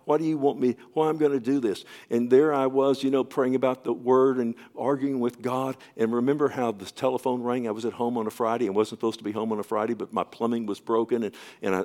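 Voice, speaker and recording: A man who is a pastor, preaching a sermon and telling a story, often falling to a soft, near-whispered voice with stammering restarts. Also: mid-range voice.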